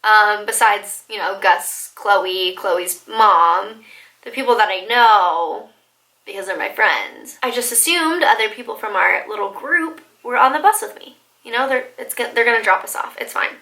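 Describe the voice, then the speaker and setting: A woman in her twenties telling a storytime vlog in an excitable, animated way, full of likes and laughter. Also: mid-range voice, measured pace, low-quality recording. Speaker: vlogger.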